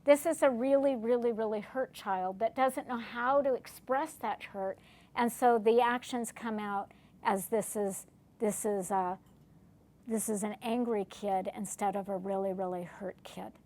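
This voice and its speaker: A middle-aged woman delivers a family recovery lecture in a classroom, questioning her audience and acting out short exchanges. Her voice is medium-pitched and a little mellow, with fairly even intonation and a slightly slow pace.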